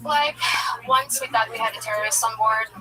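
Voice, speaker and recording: Young portuguese-born woman comedian, quick and blunt, a bit high, sounds far off the mic with music going. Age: young adult. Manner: blunt, teasing. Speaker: stand-up comedian. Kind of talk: comedy show banter.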